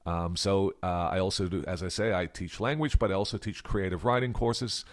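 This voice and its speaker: A man's voice: sits low, brisk. An Australian man giving a reflective English grammar lesson, musing aloud and now and then dropping to a whisper to act out example questions. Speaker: English teacher.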